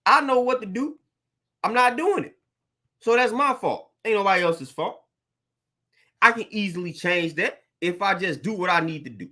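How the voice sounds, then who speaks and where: A man's voice: high voice, pushed and bright. A young adult man, a fitness trainer, ranting bluntly and preachily to camera, repeating himself and using slang. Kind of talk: blunt motivational rant to camera.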